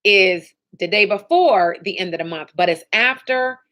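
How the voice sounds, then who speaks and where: A woman's voice: mid-range voice, normal speed, sharp tone. A woman running a live training session for sales agents, upbeat and motivational, often checking in with "okay?" and "right?".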